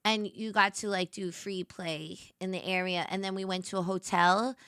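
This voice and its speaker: A woman's voice: medium pitch, steady tone, normal speed, a bit bright, clear, resonant tone, no echo, clean studio sound. A woman hosting a casual late-night livestream, chatty and giggly, greeting viewers and playfully sassy. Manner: giggly, chatty, reads and answers chat. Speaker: livestream host.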